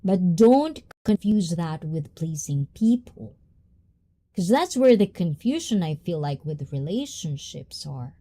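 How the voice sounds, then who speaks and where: Slow, mellow-voiced woman host chatting. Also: on the low side, sing-song. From Japan. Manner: reflective, drawn-out, with many fillers and asides. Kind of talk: casual live-stream chat.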